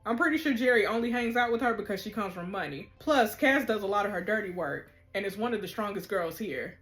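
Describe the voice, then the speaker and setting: A woman's voice: mid-range voice, lively intonation, fairly quick, fairly bright tone, soft background music, lightly acted. A woman reading the lines of a tough, self-assured teenage girl in a juvenile facility, in a blunt manner.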